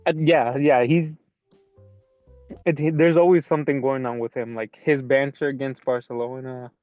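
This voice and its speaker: A man's voice: mid-range voice, fairly even intonation, moderate pace, no room sound, phone-quality sound, soft background music. A man co-hosting a football podcast, talking casually and hesitantly with many fillers. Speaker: podcast co-host.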